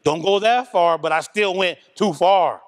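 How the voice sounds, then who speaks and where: Loud, high-voiced man giving testimony. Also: unhurried. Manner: loud talker, candid and animated. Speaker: church member giving testimony. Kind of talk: church testimony. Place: church service. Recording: reverberant church hall.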